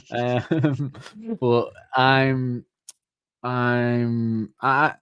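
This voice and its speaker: A man's voice: medium pitch, a bit bright, highs cut off, slight background noise. A man hosting a podcast in casual chat, chatty and laughing often. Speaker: podcast host.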